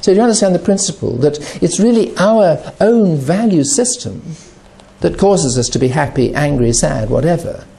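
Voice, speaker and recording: Gravelly, animated man talking. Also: fairly high pitch, normal speed. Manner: animated, acts out quoted voices. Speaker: addiction recovery speaker. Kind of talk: reflective talk on addiction.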